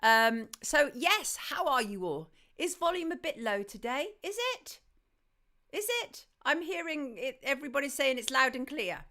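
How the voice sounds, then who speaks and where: A woman's voice: sits high, lively intonation, normal speed, hardly any pauses, bright, forceful tone. Chatty woman hosting a live stream. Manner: chatty, affectionate, reads viewer messages aloud. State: slightly hoarse, dodgy throat. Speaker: host. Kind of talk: live-stream chat, greeting viewers. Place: home studio in southwest London.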